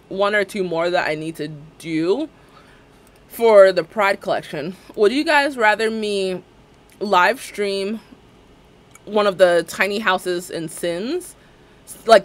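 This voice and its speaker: Chatty, lively-voiced woman streamer. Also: mid-range voice, takes it slowly. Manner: chatty, rambling, laughs often. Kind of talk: casual live-stream chat while playing.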